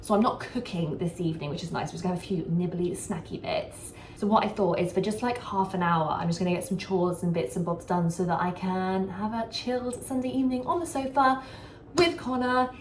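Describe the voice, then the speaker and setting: A woman's voice: medium pitch, animated, fairly quick. A young woman chatting casually to camera at home in an upbeat way, with many fillers. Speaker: vlogger. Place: home, indoors. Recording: camera mic from a distance, faint ambient noise.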